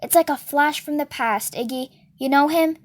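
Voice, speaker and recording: A woman voicing a rough, nervous woman who smokes and drawls in slangy talk. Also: high-pitched, normal speed, close to an everyday voice.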